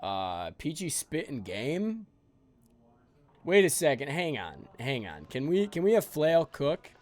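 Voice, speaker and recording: Lively-pitched male gaming streamer. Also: takes it slowly. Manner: jokey banter with chat, sleepy and rambling. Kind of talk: live gaming stream chat.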